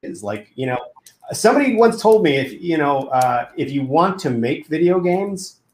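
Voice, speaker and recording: A man's voice: a little high, very animated, moderate pace, darkish tone, a little hiss or hum. A man who makes games, chatting casually with a lot of restarts and fillers. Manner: hesitant, many restarts and fillers, laughs often. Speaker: game developer. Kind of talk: casual podcast chat. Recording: roomy echo.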